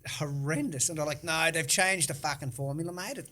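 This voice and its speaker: A man's voice: fairly high pitch, brisk. A middle-aged man, co-hosting a casual podcast, telling stories with lots of swearing and laughter. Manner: animated, sweary storyteller, laughs often. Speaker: podcast co-host. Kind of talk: casual chat.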